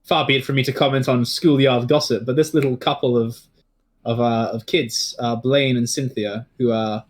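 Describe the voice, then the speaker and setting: A man voicing a scheming older male official in a tabletop game, low and confiding. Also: fairly even intonation, normal speed, lightly acted.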